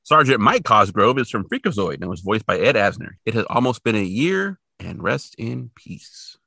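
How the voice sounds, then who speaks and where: A man co-hosting a podcast, chatting casually and rambling through animated asides. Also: fairly low pitch, moderate pace, gravelly, breathy edge, no room sound, clean studio sound. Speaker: podcast co-host. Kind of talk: casual chat.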